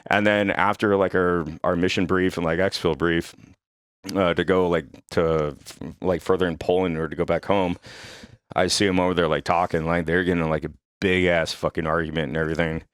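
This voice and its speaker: A young man hosting a podcast, telling a story in a casual, profane and animated way. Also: low-pitched, a little fast, clear, resonant tone, no room sound, clean studio sound. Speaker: podcast host.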